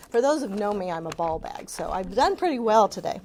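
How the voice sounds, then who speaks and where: Picture a woman addressing a room full of people, speaking with earnest, heartfelt passion about her community work. Her voice sits at an ordinary middle pitch for a woman, and she talks openly and with feeling. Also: sing-song, a little fast, darkish tone. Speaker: community presenter.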